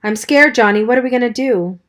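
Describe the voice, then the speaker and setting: Terrified teen boy, pleading and high-strung, read by a woman. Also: very animated, slow pace, a little mellow. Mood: panicky. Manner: panicky, pleading. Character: frightened teenage boy, panicky.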